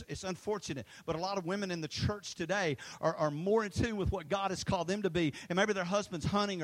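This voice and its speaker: High-voiced preacher calling to his church. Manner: passionate preaching with call-and-response to the congregation; swings between loud emphatic lines and low quiet ones. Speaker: pastor. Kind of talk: sermon.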